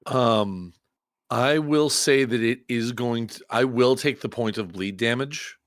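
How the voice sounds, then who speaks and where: A man's voice: medium pitch, measured pace, no room sound, clean studio sound. A man playing a tabletop roleplaying game, thinking aloud and deciding his moves with some hesitation. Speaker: player.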